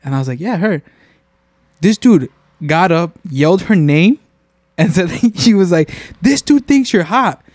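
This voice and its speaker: A man's voice: fairly high pitch, expressive, moderate pace, long pauses, darkish tone, dry recording, studio quality. A young man co-hosting a podcast, telling an embarrassing school story in slangy, self-mocking chat. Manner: slangy, self-mocking, says bro a lot. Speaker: podcast co-host.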